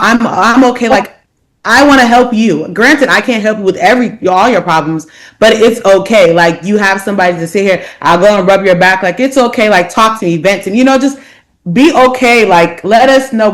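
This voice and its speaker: Halting woman, full of fillers. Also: medium pitch. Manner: halting, heavy use of "like" fillers. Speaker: podcast panelist. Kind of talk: casual podcast discussion.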